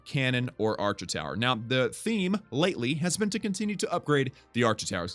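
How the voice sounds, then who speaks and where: Man, gaming commentary, lively swooping pitch, excitable, faint music under voice. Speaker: gaming YouTuber. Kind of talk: casual gameplay commentary.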